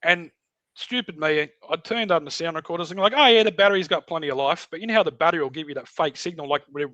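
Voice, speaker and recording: In a dry recording with the highs cut off, a middle-aged Australian man talks fast at a fairly high pitch. As a podcast guest in casual chat, he animatedly tells a story, acting out voices and sounds.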